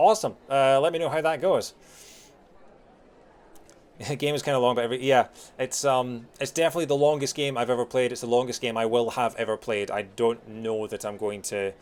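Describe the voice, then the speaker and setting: A man in his thirties with a softened Scottish accent, chatting casually with viewers while streaming a game, rambling with many fillers. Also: mid-range voice. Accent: Scottish, softened by years in England. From Scotland.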